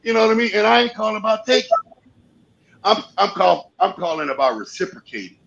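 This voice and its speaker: A man's voice: sits high, sing-song, brisk, creaky, fairly bright tone, lo-fi sound. A man in his forties, a guest on a live panel, talking fervently and rambling, repeating his phrases as he goes. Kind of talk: casual panel chat.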